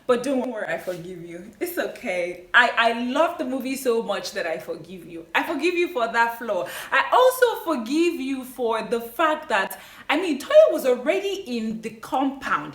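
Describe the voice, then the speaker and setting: A woman talking in a fairly high voice, reviewing a film for her vlog with chatty enthusiasm. She speaks straight to her viewers and often wanders off on side points. The mic sits some way off in a roomy, echoing space. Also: a bit bright. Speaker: movie reviewer. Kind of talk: casual movie review vlog. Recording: roomy echo, mic at a distance.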